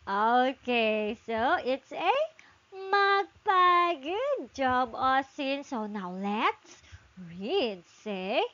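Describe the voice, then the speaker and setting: A woman teaching English to a child in an online class, praising often and drawing her words out in a slow sing-song way. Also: high-pitched, very animated, bright, forceful tone, dry recording, lo-fi sound.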